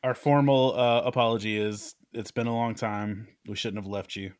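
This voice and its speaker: A man co-hosting a podcast in casual chat, answering with dry, deadpan quips. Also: lowish voice, moderate pace, clear, resonant tone. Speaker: podcast co-host.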